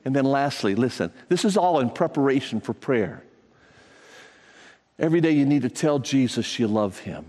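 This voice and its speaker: An older man preaching a sermon, telling folksy stories with repeated phrases and sudden rises in pitch. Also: lively intonation, normal speed, darkish tone. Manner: folksy storytelling with repetitions and pitch jumps. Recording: long reverb of a large hall.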